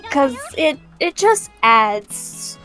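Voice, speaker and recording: Woman, casual co-host, high pitch, relaxed slow chat with giggles. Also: soft background music. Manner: chatty, giggling, animated storytelling. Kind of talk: casual chat about video game glitches.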